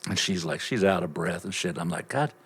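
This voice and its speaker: An older man telling a lively story as a podcast guest, swearing freely and acting out bits of conversation. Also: low voice, a little fast, breathy edge. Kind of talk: casual storytelling.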